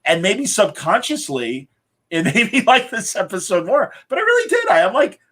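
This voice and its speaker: A man hosting a podcast who gives rambling, opinionated and animated reviews in casual chat. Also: sits high, normal speed. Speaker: podcast host.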